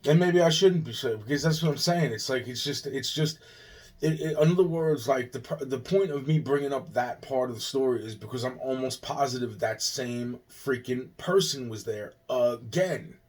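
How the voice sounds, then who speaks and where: A man's voice: mid-range voice, normal speed, a little mellow. Agitated, cursing man from Long Island. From Long Island, New York. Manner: agitated, profane, repeats himself, restarts. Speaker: vlogger. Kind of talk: rambling personal monologue.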